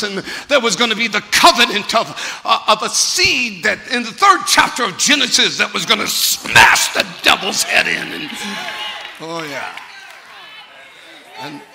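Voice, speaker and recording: A male pastor delivers a fervent, conversational sermon, throwing rhetorical questions at the congregation. His voice sits high and has a gravelly edge. A long church reverb trails every phrase. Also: bright, forceful tone. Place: church sanctuary.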